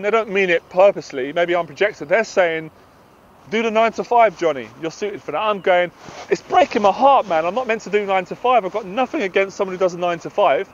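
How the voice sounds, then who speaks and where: A man's voice: high voice, highs cut off, slight background noise. A British man, a confidence coach, giving a passionate, emphatic motivational talk to camera outdoors.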